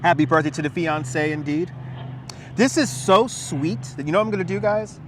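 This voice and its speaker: A man livestreams while walking along a city waterfront, rambling, laughing and swearing as he answers his chat. His voice is a little high and brisk. He's on a wireless lapel mic with slight background noise.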